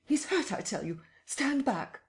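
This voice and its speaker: A narrator voicing a panicked male doctor who shouts urgent commands during a brawl in an audiobook. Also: mid-range voice, a little slow, breathy edge, pitched above the performer's own voice. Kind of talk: audiobook character reading.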